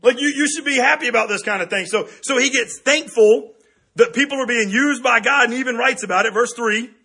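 A middle-aged man preaching a sermon as pastor, lively and conversational, often tossing in "right?" to the congregation. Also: extremely high pitch, a little fast, husky.

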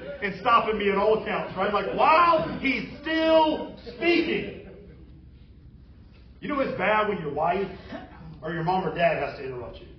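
A man preaching a sermon as pastor, animated and humorous as he retells a story. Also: high-pitched. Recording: roomy, distant, dull sound.

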